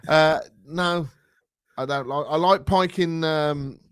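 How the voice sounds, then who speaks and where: A man's voice: a little high, takes it slowly, a bit bright, smooth, no echo, clean studio sound. A man co-hosting a casual chat show, blunt, dismissive and jokey. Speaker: podcast co-host.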